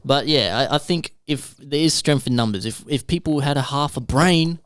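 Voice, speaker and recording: A man's voice: on the high side, normal speed, fairly bright tone, clear, resonant tone, no echo, studio quality. A man co-hosting a casual podcast chat, ranting and swearing heavily.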